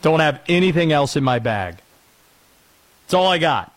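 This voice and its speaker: A man's voice: on the high side, very animated, normal speed, poor audio. Playful male sports talk host. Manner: playful, joking. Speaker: radio show host.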